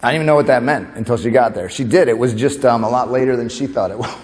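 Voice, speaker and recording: A man from New York delivers a stand-up comedy keynote on a conference stage. His pitch sits mid-range as he rattles off quick asides and laughs at his own jokes. The sound carries a long hall reverb. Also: darkish tone. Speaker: comedian and motivational speaker.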